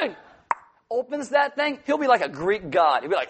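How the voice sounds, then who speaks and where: Middle-aged male pastor with a high voice, jokey and animated, acts out quotes while preaching. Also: fast, a little hiss or hum. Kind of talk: sermon.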